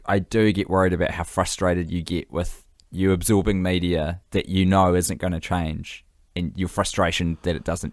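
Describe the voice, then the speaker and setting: A man's voice: low-pitched, dry recording, studio quality. A man co-hosting a comedy podcast, talking in a mock-earnest, teasingly concerned way. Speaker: podcast co-host. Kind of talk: casual comedic chat.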